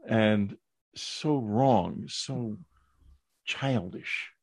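An older man hosting an interview podcast, speaking in a measured, earnest way. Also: fairly low pitch, darkish tone, no echo. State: hiccups. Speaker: podcast host.

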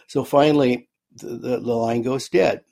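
A man, a guest author in an interview, recounting a personal story in a halting way, often repeating words as he goes. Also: medium pitch, fairly even intonation, vocal fry, darkish tone.

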